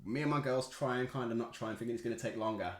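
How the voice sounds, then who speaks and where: Podcast co-host: man in his thirties, rapid slangy storyteller, echoey room. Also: mid-range voice. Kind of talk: casual chat.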